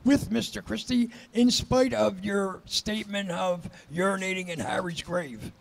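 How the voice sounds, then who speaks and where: A man in the studio, a guest on a talk show, who talks haltingly and searches for his words. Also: sits high, gravelly.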